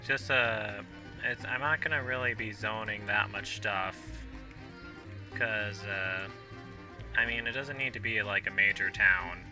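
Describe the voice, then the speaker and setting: A man's voice: on the low side, a little slow, sharp tone. A young man in his twenties rambling casually with many fillers and restarts while playing a city-building game, hiccuping now and then. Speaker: gaming video host. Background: game music.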